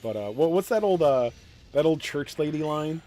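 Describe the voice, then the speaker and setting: A man's voice: on the high side, lively intonation, moderate pace, warm tone. A man streaming a mobile game, talking bluntly in casual commentary, rambling with fillers and self-deprecating jokes. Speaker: gaming streamer.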